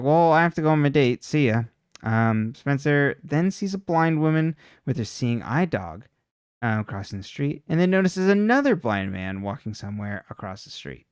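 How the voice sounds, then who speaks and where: A man co-hosting a podcast, casually retelling a TV episode in a rambling way, full of fillers and quick quoted lines. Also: mid-range voice, clean tone, dry recording, clean studio sound. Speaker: podcast co-host recapping a TV episode. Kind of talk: casual recap chat.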